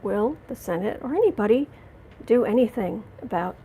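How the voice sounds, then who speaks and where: A woman hosting a live tarot stream, reading cards and answering chat, angry but trying to stay calm, halting with fillers and restarts. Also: on the high side, a little hiss or hum. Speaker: tarot reader and livestream host.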